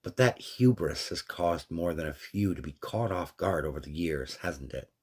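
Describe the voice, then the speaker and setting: A man voicing a gentle, wry middle-aged woman who owns a café, in a fan story reading. He keeps her measured and quietly defiant. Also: rumbling low, husky.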